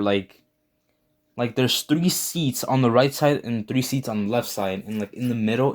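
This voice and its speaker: A young man, still a student, casually telling a personal story in a laid-back, slangy way, swearing often and filling gaps with "like". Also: mid-range voice. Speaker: storyteller, channel owner.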